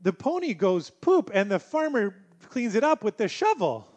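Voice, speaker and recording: A man voicing his excited two-year-old son, with high, eager childish exclamations. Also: moderate pace. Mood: delighted.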